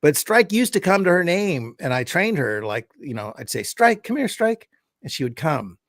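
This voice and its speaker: A man's voice: a little high, lively intonation, moderate pace, a bit bright, dry recording, clean studio sound. A man co-hosting a podcast, chatting loosely and jokingly and swearing casually. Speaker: podcast co-host.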